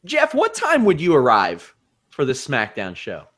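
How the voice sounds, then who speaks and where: A man co-hosting a casual wrestling podcast, animated and teasing, cracking jokes as he recaps the show. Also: fairly high pitch, measured pace. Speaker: podcast co-host.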